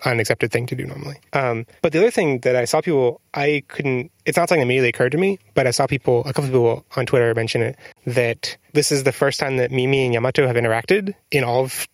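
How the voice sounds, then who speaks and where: Guy rambling fast on a podcast, dry close sound, keeps restarting his sentences. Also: medium pitch, dry recording. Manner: rambling, self-interrupting. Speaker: podcast host. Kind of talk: casual chat.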